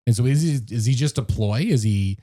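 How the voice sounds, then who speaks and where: A man co-hosting a podcast, joking and reacting in animated casual chat. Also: mid-range voice, a little fast. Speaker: podcast co-host.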